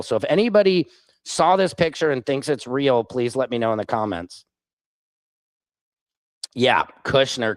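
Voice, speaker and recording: A man's voice: medium pitch, no room sound. A man hosting a live stream, reading chat comments aloud and answering them in a combative, sarcastic way. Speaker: livestream host.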